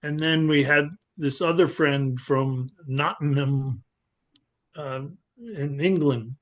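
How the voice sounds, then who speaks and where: Man, slow pace, slightly high voice, casual story, video call. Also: a bit bright. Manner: unhurried, with small stumbles and restarts.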